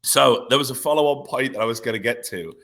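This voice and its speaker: Bright-voiced male podcast co-host. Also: medium pitch, fast, a little hiss or hum. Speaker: podcast co-host, esports journalist. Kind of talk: casual chat.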